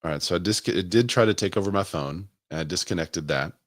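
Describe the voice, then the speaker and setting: A man's voice: low voice, fast talker, no room sound, studio quality. A man who works as a real estate agent, hosting a casual live stream and thinking aloud as he asks viewers for their opinions.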